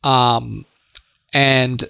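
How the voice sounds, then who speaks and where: A young man co-hosting a podcast, telling stories in a loose, slangy, animated way. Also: mid-range voice, very slow, creaky, clean tone, dry recording. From Australia. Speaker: podcast co-host. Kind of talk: casual chat.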